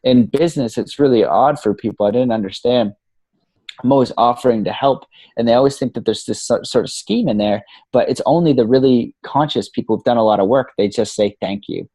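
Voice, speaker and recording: A man with a mellow, warm voice talks in a relaxed interview. He is animated and casual, tossing in swear words and "you know" all through. The sound is close and dry. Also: medium pitch, brisk, no echo. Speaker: podcast guest, coach.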